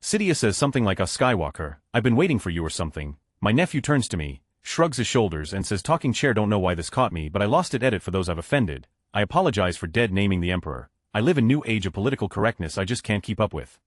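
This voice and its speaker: Fast-talking low-voiced male story narrator. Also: big pitch swings, no echo, studio quality. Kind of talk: scripted narration of online stories.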